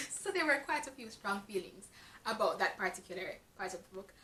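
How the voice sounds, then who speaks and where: A woman's voice: medium pitch, very animated, moderate pace, bright, forceful tone. A woman from Jamaica with a Jamaican accent, giving a frank, exasperated casual book review with lots of fillers. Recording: echoey room.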